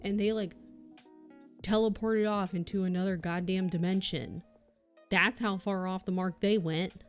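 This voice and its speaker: A woman's voice: medium pitch, steady tone, measured pace, soft background music. Swearing, ranting woman streamer. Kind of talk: casual livestream chat.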